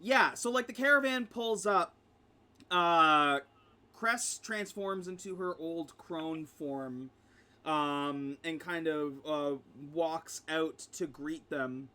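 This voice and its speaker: A man's voice: fairly high pitch, takes it slowly, pushed and bright, clear, resonant tone. A man narrating as game master for a tabletop game, with frequent ums and easy laughter. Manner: laughs often, many ums.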